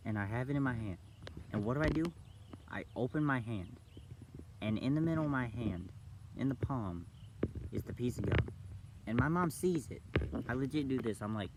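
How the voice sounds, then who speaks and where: A young man vlogging, telling a story casually and acting out the other people's voices with big jumps in pitch. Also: expressive, normal speed, background noise. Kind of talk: storytelling vlog.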